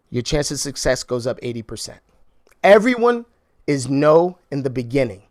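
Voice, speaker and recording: A man coaching a room on real estate sales calls, energetic and animated, acting out phone conversations. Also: a little high, gravelly, dry recording, clean studio sound. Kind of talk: sales training talk with role-play.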